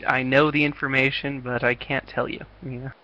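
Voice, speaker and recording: A man's voice: mid-range voice, level tone, normal speed, muffled recording, crowd noise. An American man teaching an online English class, encouraging and full of fillers and restarts. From United States. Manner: encouraging, many fillers and restarts, laughs often. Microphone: video call.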